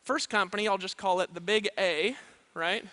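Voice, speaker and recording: A man's voice: high voice, moderate pace, bright, forceful tone. A man giving a live motivational seminar talk, emphatic and checking in with "right?" and "you know what I mean?". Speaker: motivational speaker. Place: event stage.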